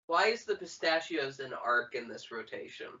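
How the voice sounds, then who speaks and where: Brief: teasing, swearing co-host, bright tone, slightly off-mic and dull sound. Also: mid-range voice, sing-song, moderate pace, slight background noise. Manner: sarcastic, teasing, swears freely. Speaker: podcast co-host. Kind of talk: casual chat over a movie. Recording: muffled, a bit distant from mic.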